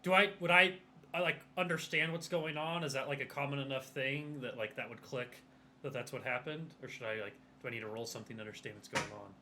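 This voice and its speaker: A man with a bright, forceful voice chats loosely at a tabletop game, circling his thoughts with lots of filler words. Faint noise hums behind him. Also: medium pitch, quick pace. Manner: rambling, lots of "like". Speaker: player. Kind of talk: casual tabletop play.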